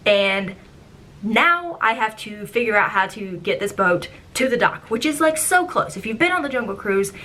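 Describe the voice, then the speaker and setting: A young woman in her twenties casually telling stories from her old job as a theme park ride guide, chatty and animated, acting out how she reacted back then. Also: a little high, normal speed. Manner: animated, acts out her own past reactions; chatty, with frequent "like" and "um". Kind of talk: casual storytelling vlog.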